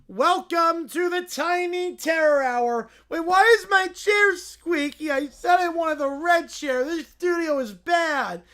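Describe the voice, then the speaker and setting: A man voicing a bratty, demanding little girl who hosts a radio show and throws shouting tantrums. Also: extremely high pitch, takes it slowly, hardly any pauses, voice pushed up, full character voice. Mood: bossy. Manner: screeching, whining, tantrum insults. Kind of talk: comedic sketch reading on a livestream.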